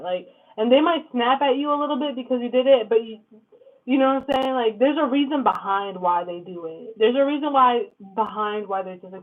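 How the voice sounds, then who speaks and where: A woman's voice: on the high side, brisk. Casting: blunt woman tarot reader, cursing casually, tinny phone-like audio. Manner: blunt, profane, fillers like "like" and "okay?". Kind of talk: casual tarot reading to camera. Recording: lo-fi phone-like sound.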